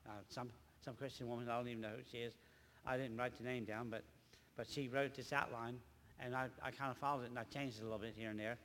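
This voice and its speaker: An older man, a grandfather, preaching a rambling church testimony with halting, repeated words. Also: mid-range voice, level tone, a bit bright, long reverb tail, slight background noise. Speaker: lay preacher.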